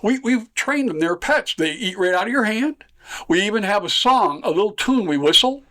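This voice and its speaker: A man's voice: sits high, lively intonation, normal speed, bright, forceful tone, voice pushed up. A man doing a sly folksy rural prankster. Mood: innocent.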